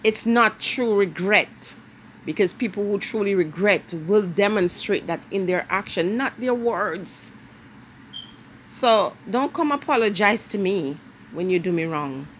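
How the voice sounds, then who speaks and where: A vlogger with a Jamaican accent gives a lecturing monologue to camera, stressing key words forcefully and stretching them out. The woman's medium-pitched voice is a bit bright, and there's slight background noise.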